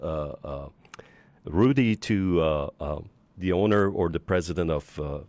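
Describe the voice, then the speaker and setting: A man's voice: sits low, measured pace, darkish tone, no echo. A man hosting a jazz radio show, asking hesitant questions and giving brief agreeing replies. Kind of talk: radio interview. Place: radio studio.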